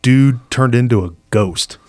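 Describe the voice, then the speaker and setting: A man's voice: mid-range voice, unhurried, a little mellow. A man co-hosting a podcast, telling a long story in a laid-back, rambling way and acting out the people in it. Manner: laid-back, rambling, acts out quoted voices. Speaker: podcast co-host. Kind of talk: casual storytelling chat.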